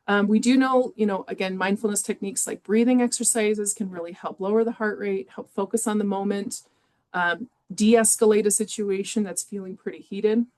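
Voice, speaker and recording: A woman's voice: medium pitch, fairly even intonation, normal speed, darkish tone. Conversational woman giving a webinar. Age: adult with children in youth sports. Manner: conversational with frequent fillers. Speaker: webinar presenter. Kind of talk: educational webinar talk.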